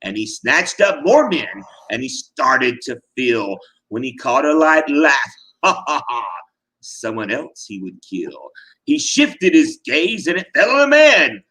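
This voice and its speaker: A man's voice: medium pitch, big pitch swings, slow, pushed and bright, low-quality recording. A man giving a dramatic reading of a rhyming tale with a theatrical, sing-song delivery. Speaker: reader.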